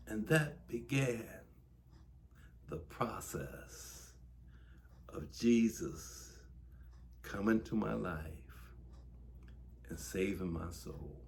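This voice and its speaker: A bishop and radio host giving a late-night devotional message, preaching slowly, his voice rising from low murmurs to high, intense cries. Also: lively intonation, creaky.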